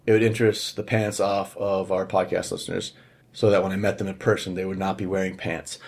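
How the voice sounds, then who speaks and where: A man hosting a casual podcast chat, telling stories in an animated way and swearing often. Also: deep voice, a little fast, gravelly. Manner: animated storytelling with frequent swearing. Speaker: podcast host.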